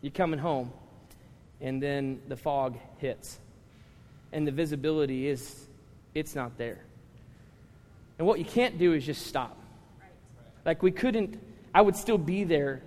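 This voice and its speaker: A man's voice: on the high side, a little slow, long pauses, a little mellow. A man preaching a sermon to his congregation, telling stories with humor and talking directly to the listeners. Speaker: pastor. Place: large church hall with congregation. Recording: live sermon in a reverberant hall.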